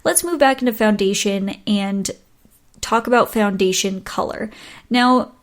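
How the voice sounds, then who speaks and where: A woman's voice: mid-range voice, unhurried. A woman hosting a solo podcast, giving advice in a chatty, casual way, often stumbling over words and laughing at her own slips. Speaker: podcast host.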